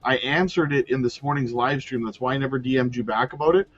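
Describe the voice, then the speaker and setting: A man hosting a casual crypto livestream, reading viewer comments and talking through charts in a loose, chatty way that swings from loud to muttered. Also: mid-range voice, fast, muffled recording. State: has the hiccups.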